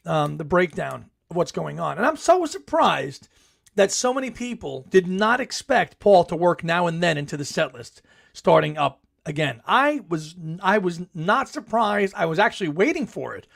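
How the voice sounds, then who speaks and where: A man's voice: fairly high pitch, creaky. A middle-aged man hosting a live podcast chat, reading viewer comments in a chatty, enthusiastic way and laughing often. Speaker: podcast host.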